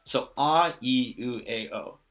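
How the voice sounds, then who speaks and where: A man's voice: mid-range voice, slow pace, fairly bright tone. A man explaining pronunciation in a casual lesson, patient and lightly joking. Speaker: language teacher.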